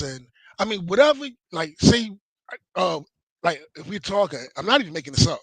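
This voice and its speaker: Male co-host, rambling storyteller, lively bright voice, dry sound. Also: sits high, moderate pace, gravelly, husky, no echo, low-quality recording. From Virginia, US. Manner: rambling storyteller, many fillers and restarts. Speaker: show co-host. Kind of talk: casual profane chat.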